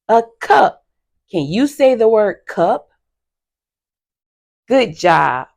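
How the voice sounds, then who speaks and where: A woman teacher giving a phonics lesson to young children, slow and encouraging with frequent praise. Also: medium pitch, very animated, gravelly, a little mellow.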